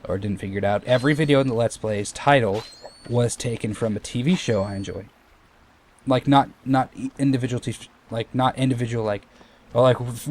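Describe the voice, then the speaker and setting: A man's voice: on the low side, darkish tone, a little hiss or hum. A young man giving casual, rambling commentary over a video game playthrough, full of fillers and restarts. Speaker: Let's Play commentator.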